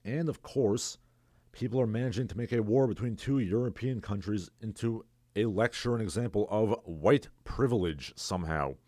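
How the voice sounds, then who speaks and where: A man hosts his livestream in a lowish, dark-toned voice at normal speed, with a dry, studio-quality recording. On his own, he offers casual, sarcastic, rambling commentary and reads out his viewers' chat messages.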